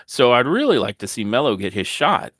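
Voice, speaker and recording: A man's voice: medium pitch, sing-song, brisk, fairly bright tone, no echo, clean studio sound. A man co-hosting a casual wrestling podcast, recapping the show with sarcastic asides and mocking impressions of the wrestlers. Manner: sarcastic, acts out wrestlers' lines in mocking voices. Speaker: podcast co-host.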